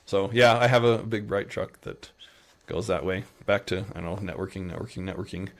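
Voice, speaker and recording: A middle-aged man with a Utah accent and a fairly low voice, chatting easily as a podcast guest. He spins long, meandering stories and slips into playful imitations of the people in them. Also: brisk. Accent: American, Utah. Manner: relaxed, rambling anecdotes with playful quoted voices. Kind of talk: casual storytelling interview.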